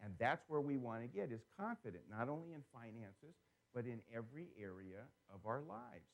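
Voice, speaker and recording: Man, seminar speaker, mid-pitched voice, lively storytelling, questions for the audience. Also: moderate pace, vocal fry. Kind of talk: live seminar talk. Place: seminar room before a live audience.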